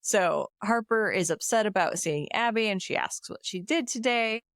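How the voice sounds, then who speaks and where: A woman's voice: mid-range voice, normal speed, dry recording, studio quality. A woman podcast co-host giving a casual, chatty recap of a movie's plot, often laughing and quoting the characters. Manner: lively retelling with laughs and quoted lines.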